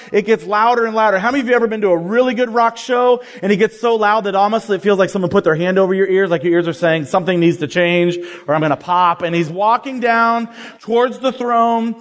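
Male pastor, sermon, casual slangy storytelling, high voice, long hall reverb.

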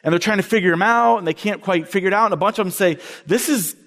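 A man preaching a sermon to college students as a campus minister, animated, acting out the voices he quotes. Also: high voice, very fast, in a large hall.

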